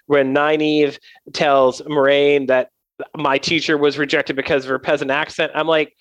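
A man's voice: on the high side, moderate pace, no room sound. A man in his thirties co-hosting a casual chat, ranting with animation. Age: 30s. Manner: animated, mimics others when ranting. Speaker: podcast co-host.

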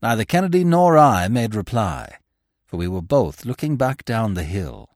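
A man with a lowish voice narrates a classic novel as a podcast host and audiobook narrator, performing scripted dramatic narration. His storytelling is expressive and theatrical at a moderate pace, in a dry, clean studio recording.

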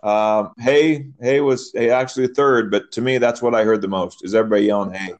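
A man co-hosting a podcast, animated as he tells referee stories and mimics yelling fans. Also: lowish voice, a little fast. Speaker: podcast co-host, soccer referee. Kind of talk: casual chat.

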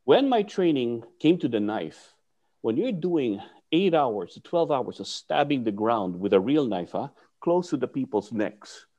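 A man's voice: a little slow, lo-fi sound. A man, a martial arts teacher, telling a story in conversation and acting out the voices of people he quotes. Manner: lively, acts out quotes with swings in pitch and volume.

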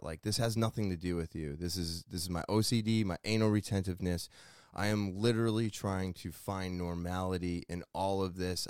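A man's voice: sits low, clear, resonant tone, dry recording. A man hosting his own podcast, speaking in a candid, self-critical solo monologue that rambles with restarts, close on a mic in a small room. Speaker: podcast host.

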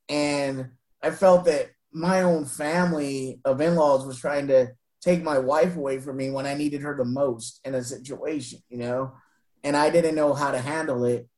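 A man telling an emotional personal story in an interview, earnest and halting, with frequent restarts and soft laughs. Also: a little high, low-quality recording. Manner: retells exchanges by voicing both sides.

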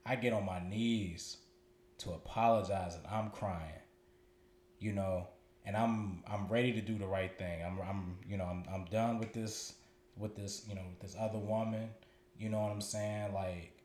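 A man's voice: lowish voice, fairly even intonation, normal speed, a little mellow. A man, co-hosting a podcast and telling a personal story in a loose, profane way, repeating words as he gathers his thoughts. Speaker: podcast co-host. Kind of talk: candid storytelling chat. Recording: roomy echoey room.

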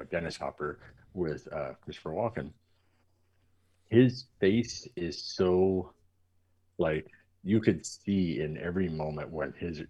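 A man's voice: very deep voice, a little mellow. A man co-hosting a podcast, rambling enthusiastically about a film's acting in casual chat. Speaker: podcast co-host.

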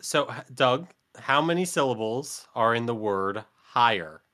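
Male podcast co-host with a bright voice, deadpan and mock-formal. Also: medium pitch, a little slow. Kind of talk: casual chat.

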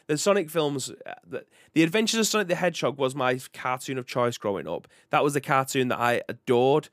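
A British man hosting a live video game podcast. He rambles in a relaxed, chatty way and restarts his sentences often. His voice sits at an ordinary pitch and is recorded close and dry. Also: dry recording. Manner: chatty and rambling, reads out chat comments. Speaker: podcast host. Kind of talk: casual live-stream chat.

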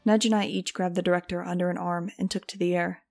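A woman narrating an audiobook in steady, even storytelling. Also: fairly low pitch, quick pace, creaky, over music. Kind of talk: scripted narration.

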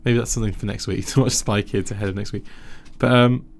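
A man in casual film chat on a podcast, teasing and quick to laugh. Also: lowish voice, steady tone, vocal fry.

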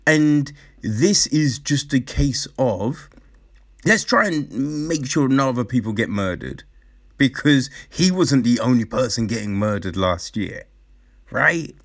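A man rants in casual commentary, swearing freely and sounding incredulous and exasperated. His pitch leaps and swoops all over the place, yet he takes his time and stretches out the words he wants to land. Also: expressive, slow, gravelly, fairly bright tone.

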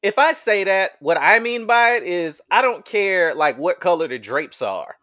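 A man co-hosting a casual podcast chat, talking in a profane, animated way and laughing often. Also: high-pitched, normal speed.

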